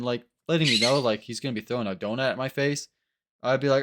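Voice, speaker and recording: A man's voice: medium pitch, fast. Rambling casual man in a reaction chat. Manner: rambling, animated, acts out voices. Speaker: co-host.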